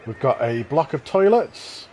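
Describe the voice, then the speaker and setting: An upbeat man gushes casually over builds as he hosts a live walkthrough. His pitch sits in the middle range. A faint hiss of noise runs behind his voice. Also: very animated, unhurried, darkish tone. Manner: enthusiastic, effusive praise. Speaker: livestream host touring contest parks.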